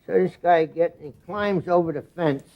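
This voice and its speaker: A man's voice: on the high side, normal speed, dull audio. A man telling an improvised comic story as a talk show guest, bursting into sound effects. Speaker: comedian guest.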